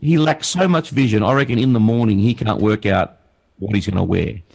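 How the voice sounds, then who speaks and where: Aussie bloke on a tech podcast, gravelly husky voice, deadpan sarcastic jokes. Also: male voice, on the low side, fairly quick. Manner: dry sarcastic humor, rambling jokes. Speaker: podcast co-host. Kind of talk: casual tech chat.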